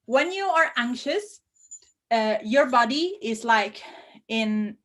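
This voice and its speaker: A woman hosting a live language-learning Q&A, bubbly and effusive with excited bursts. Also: a little high, takes it slowly. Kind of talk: casual live-stream chat.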